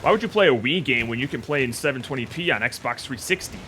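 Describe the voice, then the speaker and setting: Bright-voiced man, casual game chat, rambling opinions. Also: medium pitch, animated, fast, a little hiss or hum. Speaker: streamer.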